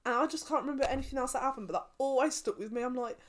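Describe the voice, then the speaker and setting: A woman's voice: high voice, racing. A young woman in casual chat, rambling through stories and laughing often.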